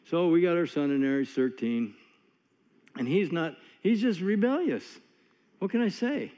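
A man whose voice sits on the high side, expressive and warm, preaches at normal speed in a folksy, conversational sermon, telling stories packed with asides. Long hall reverb and dull, lo-fi sound mark the recording.

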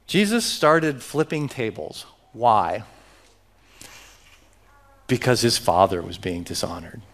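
A man's voice: on the low side, very animated, slow, long pauses, a bit bright. A man preaching a sermon as pastor, emphatic and joking with his congregation.

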